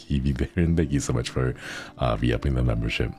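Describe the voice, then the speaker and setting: A man's voice: rumbling low, fairly quick, mellow, faint music behind. A man streaming casual chat with viewers, playful and rambling, often laughing.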